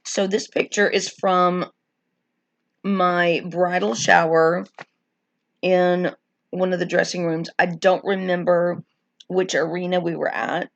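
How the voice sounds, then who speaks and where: A middle-aged woman shares wrestling memories on her live stream, reading comments and rambling chattily, dropping plenty of likes and ums. She speaks slowly in a lowish, gravelly, level voice with long pauses, and the audio is dull.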